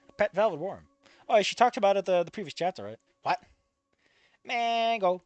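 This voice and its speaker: A man reading fanfiction aloud and breaking off into comedic asides, swearing freely and quick to laugh at the text. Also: high voice, expressive, a bit bright, no echo, faint music behind. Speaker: fanfiction reader and commentator.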